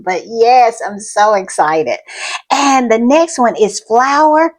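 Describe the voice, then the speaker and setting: A woman with a drawl talks in an unhurried, gushing way, piling up yeses and "I love it." Her voice sits a little high, and she keeps turning to her viewers with y'all. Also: expressive. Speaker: commentary channel host. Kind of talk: enthusiastic fan commentary.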